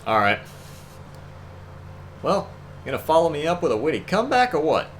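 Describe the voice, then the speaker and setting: A man's voice: a little high, sing-song, brisk. A man putting on a brash gangster-talking ghost gal. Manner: gruff mock gangster accent, slangy. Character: greedy dead woman ghost, brash old-time tough talker.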